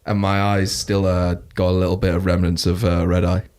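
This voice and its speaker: Young male co-host, very low voice, loose rambling chat. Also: little pitch movement, a little fast, a little mellow. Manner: rambling, laughs often. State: recovering from a cough. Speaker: podcast co-host. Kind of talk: casual chat.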